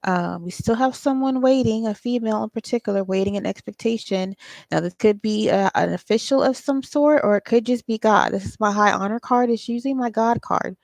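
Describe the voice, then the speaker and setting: A woman's voice: on the high side, a little fast, vocal fry, a little mellow, dry recording. A woman giving a casual solo tarot reading, thinking aloud in a loose, profane way with frequent ums. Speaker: tarot reader and psychic channeler.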